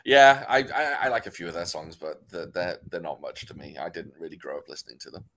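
A man's voice: sits low, brisk, a bit bright. A British man chatting casually as a podcast co-host, rambling with restarts and easy laughs. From Britain. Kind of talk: casual chat.

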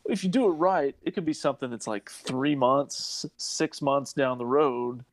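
A man's voice: medium pitch, measured pace. A man co-hosting a casual chat, easygoing and agreeable.

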